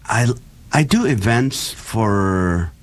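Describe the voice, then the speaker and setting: Middle-aged guy from the middle east, arabic native, lively comic storyteller on a chat show. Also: fairly low pitch. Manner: animated storyteller, quick jokes and laughs. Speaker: guest comedian. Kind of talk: casual chat with comic stories.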